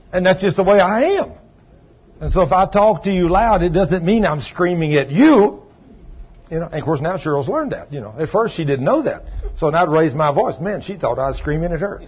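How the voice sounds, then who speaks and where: An older man preaching a sermon in a folksy way, husky, swinging from soft asides to loud calls. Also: fairly high pitch. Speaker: pastor. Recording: dull lo-fi sound.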